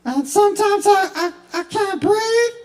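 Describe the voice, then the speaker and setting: A man putting on a squeaky, helium-voiced guy with a drawl who rambles and pleads. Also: lively intonation, measured pace. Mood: whining.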